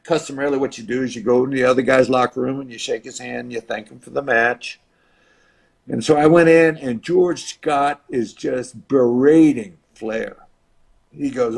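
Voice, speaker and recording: An older man, a retired wrestler, telling a story as a podcast guest and acting out the voices of others with big shifts in loudness. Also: medium pitch, moderate pace, vocal fry. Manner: acts out voices of others in his stories, dramatic shifts in loudness. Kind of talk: animated storytelling.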